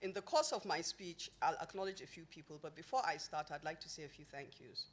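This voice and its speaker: A woman with a somewhat low voice addresses an event audience from a podium microphone. She tells humorous personal anecdotes within a formal launch speech, delivering them emphatically and with lively energy. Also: fairly quick. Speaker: company founder giving a launch speech. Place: event venue before an audience.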